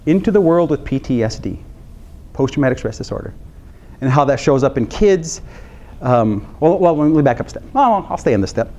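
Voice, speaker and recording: A man from the United States, a health psychologist, giving an animated training lecture to counselors, repeating key phrases for emphasis and joking with the audience. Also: medium pitch, a little fast, highs cut off.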